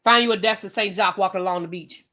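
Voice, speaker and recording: Speaking quickly in a medium-pitched voice, a female channel host reviews reality TV live on webcam. She rants straight at her audience, animated, sassy and blunt.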